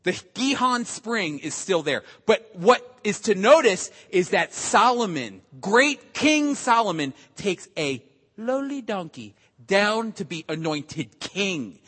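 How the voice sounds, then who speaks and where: A man preaching a sermon as pastor, animated and emphatic, acting out quotes as he goes. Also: high-pitched, slow, husky. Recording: long hall reverb.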